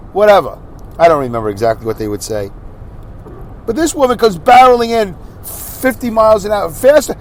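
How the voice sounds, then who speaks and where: A man hosting a podcast, doing a comic monologue as an animated rant with quick voiced impressions. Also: sits high, slight background noise. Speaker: podcast host. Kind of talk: comedic monologue.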